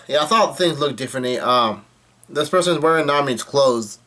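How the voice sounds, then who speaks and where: A man casually recapping a comic chapter, halting often with fillers and restarts. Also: medium pitch, lively intonation, sharp tone. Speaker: manga reader recapping a chapter.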